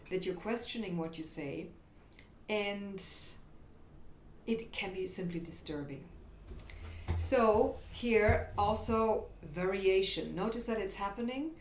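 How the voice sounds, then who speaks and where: A woman voice coach explaining vocal habits in an instructional talk, illustrating points with demonstrations. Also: medium pitch. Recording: roomy echo, faint background noise.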